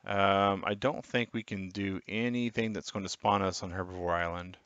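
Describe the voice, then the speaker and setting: Male streamer, low bright voice, talks through gameplay and chats with viewers. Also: steady tone, moderate pace, clean tone, no echo, highs cut off. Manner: chatty, reads and answers chat. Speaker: gaming streamer. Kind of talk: live gameplay commentary.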